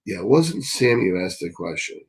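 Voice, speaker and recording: A man hosting a live stream Q&A, reading chat questions and answering bluntly, swearing often and getting excitable. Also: on the low side, a little fast, vocal fry, husky, rough recording.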